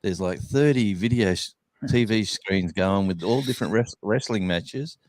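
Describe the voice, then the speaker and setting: A man's voice: fairly low pitch, normal speed, dry recording. A man with an Australian accent telling a rambling story in a casual chat, full of fillers and restarts. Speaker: guest musician.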